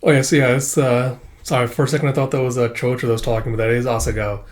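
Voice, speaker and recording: A man's voice: mid-range voice, little pitch movement, fast. A man hosting a casual manga read-through, rambling with lots of "uh" and "like" fillers. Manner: rambling with frequent "uh" and "like". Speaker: manga reading channel host.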